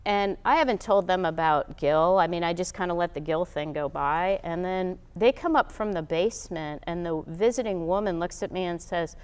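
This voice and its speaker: Smooth-voiced lively woman telling a story. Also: on the low side, moderate pace, hardly any pauses, big-room sound. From United States. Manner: lively, animated storyteller who acts out quotes. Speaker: guest. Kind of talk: casual storytelling interview.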